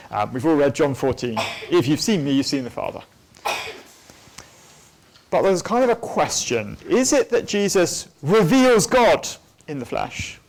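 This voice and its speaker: A man giving a church teaching talk on theology, thoughtful and unscripted, with frequent ums and restarts. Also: a little high. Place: church hall at a weekend away.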